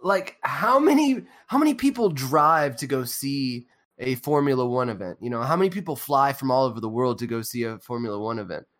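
A man's voice: medium pitch, lively intonation, brisk, fairly bright tone. A man co-hosting a podcast in casual, profane chat, rambling with many fillers and a sarcastic edge. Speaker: podcast co-host.

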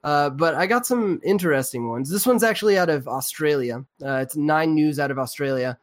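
A man's voice: fairly high pitch, a little fast, no room sound. A man hosting a live podcast in casual chat, rambling with lots of fillers and restarts and swearing freely. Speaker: podcast host.

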